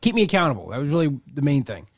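Male host, quick rambling delivery, jokes at his own expense, dry close mic. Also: a little high, big pitch swings, no echo. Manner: rambling, self-deprecating, fast storytelling. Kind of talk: casual conversation.

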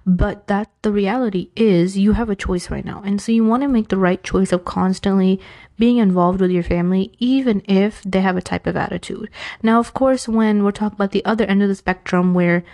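A woman's voice: mid-range voice, steady tone, brisk, warm tone. A woman from New York with a New York accent, giving casual, frank Islamic advice and wandering into self-aware, joking asides. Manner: chatty, frank, digresses with self-aware humor. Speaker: advice speaker.

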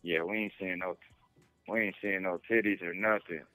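A man's voice: sits low, steady tone, normal speed, sharp tone, no echo, faint music behind. A man calling in from prison, talking in a laid-back, slangy way full of swearing over a phone line. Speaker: caller from prison. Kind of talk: casual phone chat.

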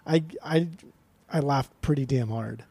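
Husky, swearing podcast guy. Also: medium pitch, a little slow, no echo. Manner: animated, swearing, mocking. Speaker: podcast co-host. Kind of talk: casual chat.

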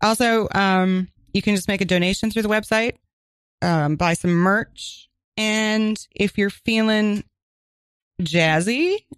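A woman co-hosting a community radio crime show, chatting casually and reading announcements with quick asides. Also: mid-range voice, fairly even intonation, clean tone, no room sound. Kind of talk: casual chat and on-air announcements. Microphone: studio microphone.

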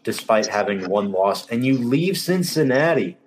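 A man's voice: mid-range voice, animated, moderate pace, a little hiss or hum. A man hosting a casual sports talk show, emphatic, exasperated and openly sarcastic. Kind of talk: casual sports podcast chat.

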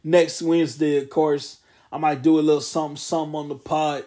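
A man's voice: on the high side, flat delivery, fairly quick, mellow. Rambling young male podcast host. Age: 20s. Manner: rambling, loose, self-correcting. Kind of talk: casual solo wrestling podcast.

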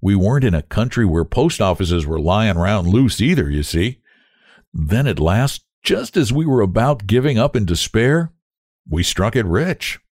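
A man's voice: on the low side, very animated, moderate pace, no room sound, studio quality. A man voicing a grown brother back from prospecting, telling his tale in a sober, hearty way. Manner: warm, sober storytelling. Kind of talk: audiobook character voice.

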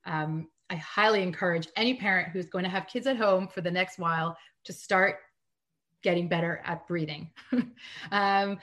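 A woman in a casual live-streamed chat, giving practical parenting advice with quick laughs. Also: lowish voice, a bit bright. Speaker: guest parenting coach.

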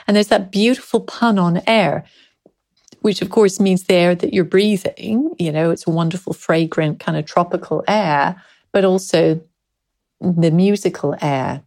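A woman's voice: on the low side, unhurried, darkish tone. A woman professor commenting on a speech in a thoughtful, enthusiastic way, with fillers and restarts. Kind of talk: unscripted expert commentary.

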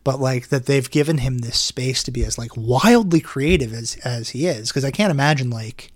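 A man's voice: medium pitch, moderate pace, no echo. Rambling man on a podcast, dry sound. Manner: rambling, restarts often, swears casually. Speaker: podcast co-host. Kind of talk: casual podcast chat.

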